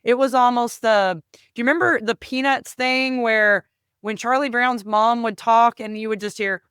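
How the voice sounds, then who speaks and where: A woman's voice: on the high side, steady tone, normal speed, fairly bright tone, clear, resonant tone, no echo, studio quality. A woman hosting a podcast, telling a personal story in an earnest way, often repeating words and calling listeners "y'all". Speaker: podcast host.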